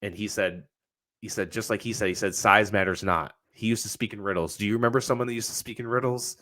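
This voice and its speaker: Excitable low-voiced man on a podcast. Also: fast talker. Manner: excitable, swears a lot, acts out characters' lines. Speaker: podcast co-host. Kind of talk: casual podcast chat.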